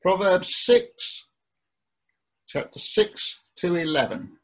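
A man reading scripture in a careful, deliberate way. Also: high-pitched. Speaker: scripture reader. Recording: dull lo-fi recording.

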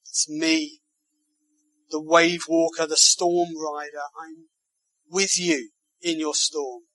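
A gentle, comforting male voice of the divine, spoken low and hushed by a preacher in a sermon. It stays high and clear, and the sound is dry and close. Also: steady tone, slow pace, no room sound, rough recording. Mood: soothing. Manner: soft, hushed reassurance.

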